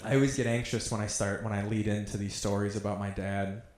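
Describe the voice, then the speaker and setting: A man's voice: lowish voice, level tone, fast talker, roomy sound, heavy background noise. A man in his thirties doing stand-up, telling stories about himself in an offhand, self-mocking way. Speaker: stand-up comedian. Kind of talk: stand-up storytelling.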